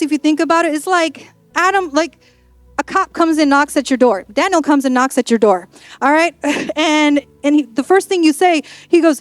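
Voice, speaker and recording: A woman pastor preaching a sermon in a playful, animated storytelling manner. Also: very high-pitched, dry recording. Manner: sassy and emphatic.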